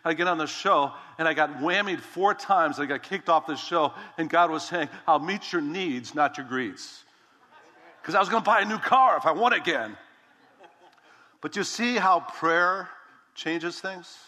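A pastor in his fifties preaches with a bright, forceful voice, telling a story from his own life. He talks in an animated way, repeats his words and acts out the conversations. The sound rings with long reverb, as in a large church hall. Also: on the high side, normal speed. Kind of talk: sermon with personal story.

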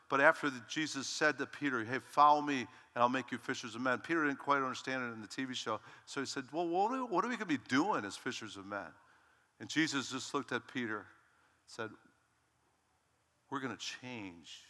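A male pastor preaching a lively, emphatic sermon to his congregation and calling out "Amen?" as he goes. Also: medium pitch, in a large hall. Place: church sanctuary.

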